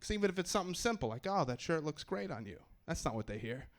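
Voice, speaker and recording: A man's voice: a little high, sing-song, quick pace, heavy background noise. A young man doing stand-up in a put-on English accent, wry and self-mocking, on a comedy club stage with a handheld mic. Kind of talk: stand-up set.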